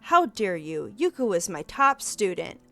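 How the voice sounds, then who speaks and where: A woman's voice: medium pitch, big pitch swings, unhurried, pushed and bright, soft background music, pitched below the performer's own voice, full character voice. Woman doing a stern pompous schoolteacher, male. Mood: indignant. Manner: prim, scolding, formal.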